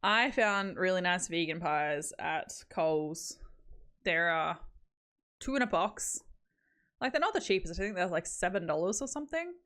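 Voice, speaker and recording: A woman's voice: on the low side, animated, moderate pace, fairly bright tone. A young Australian woman streaming live, chatting casually in a rambling, giggly way with lots of "like". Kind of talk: casual chat.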